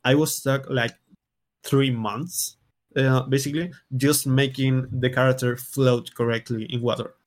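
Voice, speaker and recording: A man, a game developer, explaining his coding work slowly and haltingly in a casual interview. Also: mid-range voice, steady tone.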